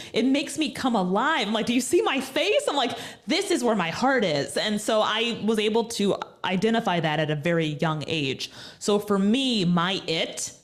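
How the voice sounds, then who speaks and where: A woman guest in an interview, talking in an energetic, emphatic, motivational way. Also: mid-range voice. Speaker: guest, media personality. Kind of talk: conversational interview.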